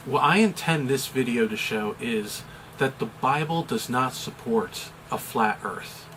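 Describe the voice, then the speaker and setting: Bright-voiced American man explaining calmly. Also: medium pitch, slight background noise, low-quality recording. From United States. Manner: measured, deliberate, with occasional fillers. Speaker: chaplain and pastor. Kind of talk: explanatory video commentary.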